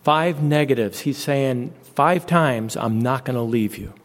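A male preacher delivering a sermon at an unhurried, deliberate pace. He drives his points home by repeating phrases, and his voice sits at an ordinary middle pitch. A long reverb trails after each line. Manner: slow, emphatic repetition.

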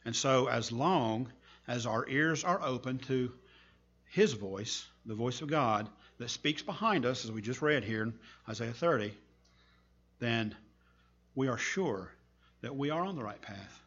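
A man preacher giving a sermon, telling a story with earnest, slow, emphatic pauses. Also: medium pitch, animated, fairly bright tone, husky, muffled recording.

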